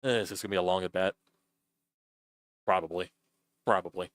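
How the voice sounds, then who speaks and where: Low-voiced man calling baseball casually. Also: fairly even intonation, a little fast. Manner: chatty, loose, swears often. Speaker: sports streamer calling a baseball game. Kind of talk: casual live-stream play-by-play.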